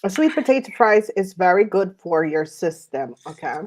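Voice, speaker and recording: A woman's voice: medium pitch, very animated, moderate pace, a little mellow. A woman tarot reader chatting casually while eating, rambling with many fillers.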